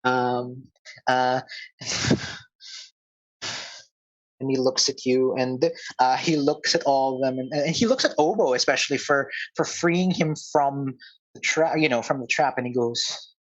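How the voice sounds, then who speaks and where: An Australian man running a tabletop game, narrating slowly and haltingly with many pauses. His delivery is unhurried and searching. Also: medium pitch, muffled recording. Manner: halting, full of fillers and restarts. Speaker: game master.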